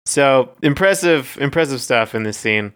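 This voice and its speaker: A man's voice: mid-range voice, expressive, moderate pace, a bit bright, smooth. A man co-hosting a casual movie-review podcast, easygoing and agreeable, chiming in often. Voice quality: easygoing, agreeable, frequent backchannels. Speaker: podcast co-host.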